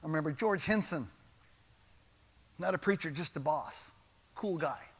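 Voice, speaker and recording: A man's voice: a little high, animated, measured pace, breathy edge. A man preaching a sermon as pastor in a church, building his points with repeated refrains and rising intensity.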